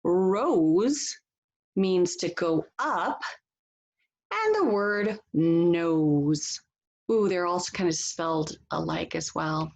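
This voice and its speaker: A woman teacher giving a read-aloud phonics lesson, reading slowly and deliberately and laughing softly now and then. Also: vocal fry. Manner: slow, deliberate reading with lively pitch and soft laughs.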